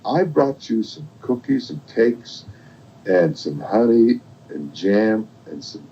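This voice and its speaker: An older man voicing a sweet young girl in a bedtime story, in a gentle, singsong raised voice. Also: fairly low pitch, sing-song, slow, husky, recorded from a distance, exaggerated voice. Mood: wondering. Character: sweet young girl, Little Red Riding Hood. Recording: dull lo-fi home recording.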